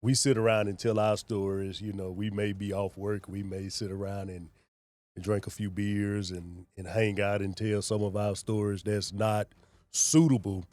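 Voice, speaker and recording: A man, a sheriff being interviewed, who speaks in a slow, measured and earnest way. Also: lowish voice, level tone, a little mellow, no room sound. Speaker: sheriff, guest. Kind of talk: casual interview conversation.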